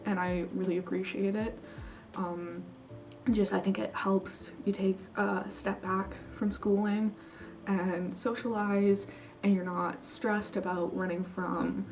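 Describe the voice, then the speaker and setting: Young female vlogger from Canada, casual, filler-heavy storyteller, mid-pitched voice, recorded slightly off-mic. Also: darkish tone, recorded from a distance, rough recording. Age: young adult. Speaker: international student vlogger. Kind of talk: casual chat.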